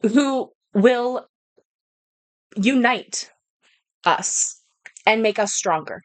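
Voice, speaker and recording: A woman's voice: fairly high pitch, very slow. A woman voicing a stern, weary fairy queen mother who talks in a firm, clipped, impatient way.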